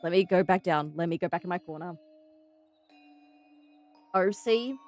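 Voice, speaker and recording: A young Australian woman streaming, chatting casually to her viewers, giggling and gasping excitedly. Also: fairly low pitch, soft background music. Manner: giggly, bubbly and excitable, quick gasps and squeals. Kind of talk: casual live-stream chat.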